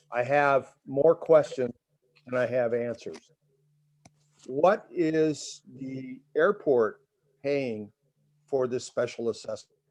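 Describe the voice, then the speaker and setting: An older man giving an indignant, emotional public comment over a video call, halting and repeating himself. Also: medium pitch, a little mellow.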